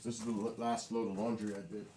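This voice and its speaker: A man's voice: on the low side, flat delivery, fast talker, noisy background. A tired man, rambling casually to his livestream viewers from his living room. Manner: rambling, self-correcting, talks to chat. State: tired, voice wearing out. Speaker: livestream host chatting with viewers.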